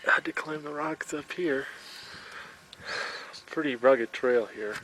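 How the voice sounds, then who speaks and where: A man's voice: medium pitch, takes it slowly, poor audio. A man filming a hike, narrating casually and admiringly while out of breath. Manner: chatty, admiring. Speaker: hiker filming the trip. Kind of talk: casual narration to a home video camera. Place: outdoors on a high mountain trail. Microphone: built-in camcorder mic. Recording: home camcorder tape with loud wind noise.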